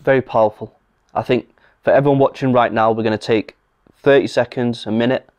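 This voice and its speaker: A man co-hosts a podcast in a measured, reflective manner. His voice sits at an ordinary male pitch, and it is recorded close and dry with no room sound around it. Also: fairly even intonation, a little mellow, clear, resonant tone, no echo, dull audio. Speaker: podcast co-host. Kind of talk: podcast conversation.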